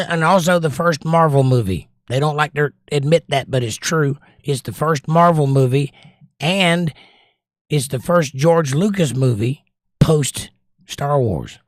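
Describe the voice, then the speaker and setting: Speaking a little slowly in a slightly high voice, this Southern U.S. livestream host reads viewer comments aloud and offers firm takes, including forceful movie recommendations. The tone is casual and chatty, and the audio is dry, clean studio sound.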